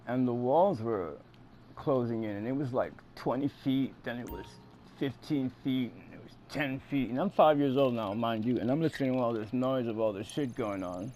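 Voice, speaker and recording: Over game music, a man plays a video game while spinning a comedic tall tale that rambles, swears, and leans on fillers, acting out scenes loudly. He's a gaming streamer with a medium-pitched voice at a moderate pace, and a little hiss or hum is audible.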